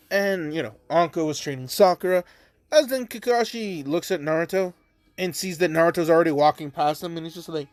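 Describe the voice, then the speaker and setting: A man casually retelling a fan story with slang and swearing, tossing in quick lines for the characters. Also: high voice, dry recording, soft background music.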